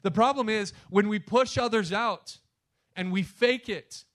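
A man pastoring a congregation preaches at a measured pace, his voice sitting high. He speaks to them directly and with emphasis, shifting from loud punches to soft asides.

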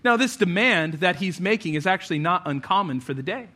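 Bright, high-voiced man preaching. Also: a little fast. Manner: conversational, animated preaching with acted quotes. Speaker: pastor. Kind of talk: sermon.

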